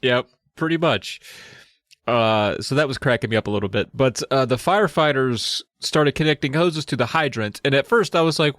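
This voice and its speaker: A man co-hosting a podcast, retelling a book's plot in relaxed, chatty storytelling. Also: mid-range voice, no echo, clean studio sound. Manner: relaxed storytelling with quick acted quotes. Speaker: podcast co-host. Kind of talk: casual book recap chat.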